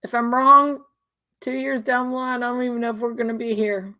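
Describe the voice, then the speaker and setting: A woman's voice: a little high, steady tone, quick pace. Earnest woman, restarting often. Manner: earnest, repeats herself, many restarts. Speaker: speaker sharing religious views. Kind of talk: casual emotional monologue.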